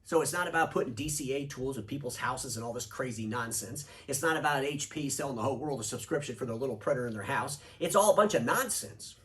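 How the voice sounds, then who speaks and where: A man hosting an opinionated video commentary, sarcastic and animated, reading quotes aloud with mock emphasis. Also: medium pitch, fast, few pauses, far from the mic. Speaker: show host.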